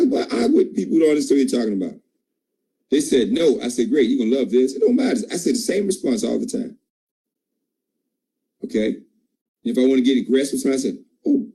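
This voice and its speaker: An emphatic man delivers a preachy motivational pep talk to his sales team. His voice is dark and mellow, with a husky edge, and his pitch leaps high when he presses a point. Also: poor audio. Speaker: team leader at a sales call.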